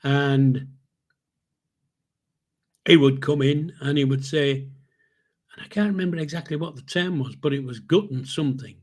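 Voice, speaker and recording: A man's voice: fairly high pitch, normal speed, long pauses. An older man hosting a podcast, telling stories in a casual, rambling way with restarts and chuckles. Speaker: podcast host. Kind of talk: casual storytelling.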